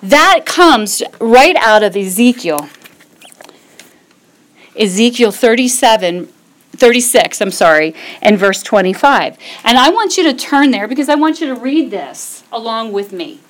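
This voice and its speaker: Expressive woman teaching from the Bible. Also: on the high side, measured pace. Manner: expressive, rhetorical questions, reads scripture aloud.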